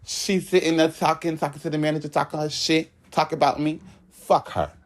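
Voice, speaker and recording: A young man telling a work story in a casual, animated way, swearing often and acting out what people said. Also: on the high side, fairly quick. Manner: animated, profane storytelling with acted quotes.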